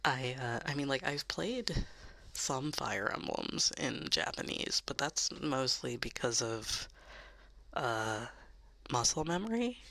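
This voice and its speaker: A woman streamer rambling through soft ASMR chat, giggling often and speaking close to a sensitive microphone. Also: very deep voice, animated, takes it slowly, dry recording.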